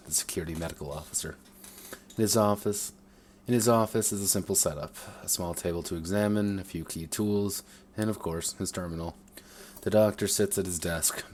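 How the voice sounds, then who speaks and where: A man's voice: sits low, darkish tone, slight background noise. A man reading his own first-person story aloud, sometimes stumbling and rereading phrases.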